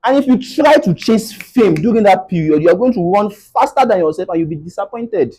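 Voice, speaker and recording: A man's voice: sits high, expressive, a little fast, mellow, breathy edge, rough recording. A young Nigerian man with a Nigerian English accent, giving a faith-based motivational talk to a live audience in a preacherly way and often checking in with "right?". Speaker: motivational speaker.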